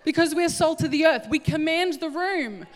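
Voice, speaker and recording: A middle-aged woman preaching a sermon, animated and acting out little scenes in different voices. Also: sits high, moderate pace. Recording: echoey hall with long reverb.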